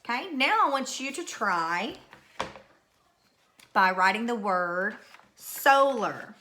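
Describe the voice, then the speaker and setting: A woman's voice: on the high side, lively intonation, slow pace, pushed and bright, a little hiss or hum. A woman teacher giving a recorded phonics lesson to young pupils, patiently repeating each word. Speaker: third grade teacher.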